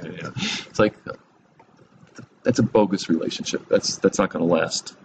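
A man's voice: sits low, moderate pace, gravelly, long pauses, background noise. A man giving a conversational Bible teaching, chuckling often, adding humorous asides and asking his listeners direct questions.

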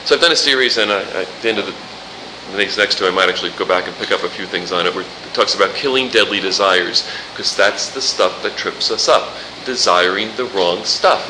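A pastor giving a sermon, lively and joking, throwing rhetorical questions at the congregation. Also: male voice, deep voice, a little fast, reverberant, background noise. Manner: animated, jokey preaching with rhetorical questions.

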